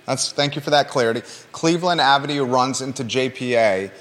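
A man's voice: mid-range voice, fairly quick, a bit bright. A male talk show host who reads the local news and then jokes around with his co-host, pushing him with teasing repeated questions. His voice sits in a middle range, and the room gives it a long, lingering reverb.

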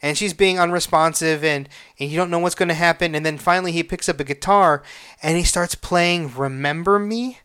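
A man hosting a casual solo podcast, retelling a movie with heavy swearing and halting restarts, emotional and excitable. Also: a little high, clean tone. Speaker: podcast host.

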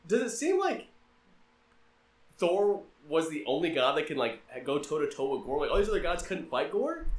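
A man's voice: fairly high pitch, sing-song, moderate pace, echoey room. A man casually recapping a movie scene by scene, acting out the characters' lines and laughing along. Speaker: podcast host.

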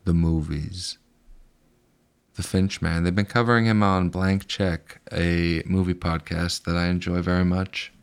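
A man co-hosting a podcast, chatting casually about movies in a joking, animated way with some swearing. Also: low-pitched, unhurried, clear, resonant tone. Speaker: podcast co-host.

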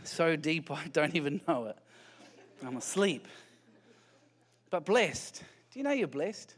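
High-voiced New pastor preaching. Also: male voice, sing-song, slow pace, pauses often. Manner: conversational, peppered with rhetorical questions to the congregation; light self-deprecating humor. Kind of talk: sermon.

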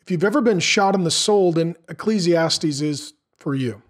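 A man's voice: fairly high pitch, normal speed. A middle-aged man preaching a sermon in an earnest, conversational way, asking the listeners questions. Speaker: pastor.

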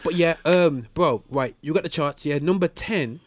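A man's voice: on the high side, normal speed. Chatty joking male radio host. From United Kingdom. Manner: loose, joking, lots of fillers and repeats. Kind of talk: casual chat.

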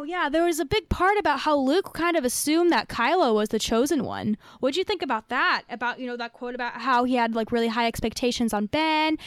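A woman's voice: on the high side, clear, resonant tone, no echo. A woman co-hosting a podcast in casual chat, chatty and musing aloud with lots of fillers. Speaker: podcast co-host.

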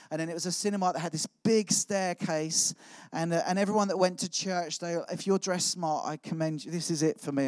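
Brief: male preacher, middle-aged, slightly high voice, casual self-deprecating testimony. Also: no room sound. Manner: chatty, self-mocking storytelling. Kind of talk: sermon with personal testimony.

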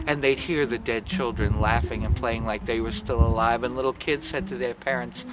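A man guiding a ghost tour, telling folksy stories and punchline jokes, with loud music behind. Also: medium pitch, fairly even intonation, moderate pace, hardly any pauses, low-quality recording. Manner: punchline-driven, folksy, laughs at own jokes. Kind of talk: joking storytelling tour talk.

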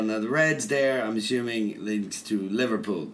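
A man's voice: mid-range voice, moderate pace, a bit bright, slight background noise. A man co-hosting a casual podcast, teasing his partner and reading out a listener review. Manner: laughing, teasing, profane. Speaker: podcast co-host.

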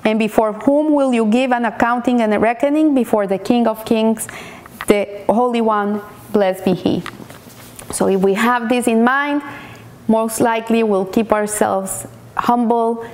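A woman giving a weekly Torah talk, speaking in halting bursts and often repeating words as she searches for them. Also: a little high, darkish tone. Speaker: Torah teacher.

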